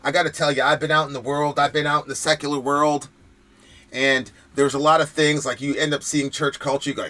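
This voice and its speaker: A man hosts a political commentary stream in a heated, profane, emphatic rant. His voice sits a bit high and pushes hard and forcefully. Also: fairly quick. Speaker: host.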